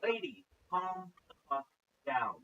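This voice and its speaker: A man streaming as he reacts to videos, swearing constantly and mocking what he watches, with loud outbursts. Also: high voice, big pitch swings, takes it slowly, lo-fi sound, crowd noise. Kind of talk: profane reaction rant.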